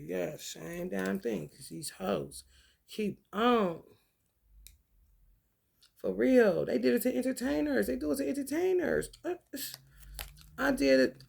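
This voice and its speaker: A woman talking casually to her viewers, telling animated, profane stories with frequent laughter. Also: medium pitch, gravelly, slightly rough. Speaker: spiritual talk host.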